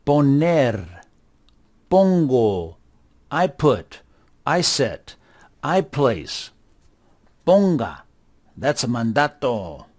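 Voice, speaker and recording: A middle-aged man teaching a kids' class at a very unhurried pace, with a voice of ordinary pitch. He drills words one by one and repeats each one patiently. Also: very animated, a little mellow. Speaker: Spanish teacher. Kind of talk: slow, deliberate classroom instruction for kids.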